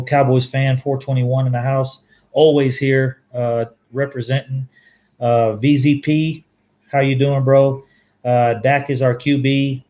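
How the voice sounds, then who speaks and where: A man's voice: medium pitch, a little mellow. Male live-stream host, mid-range voice, casual and rambling, stumbles and self-corrects often. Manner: rambling, halting restarts, frequent self-corrections; laughs easily, chats with viewers. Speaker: fan show host reading live chat.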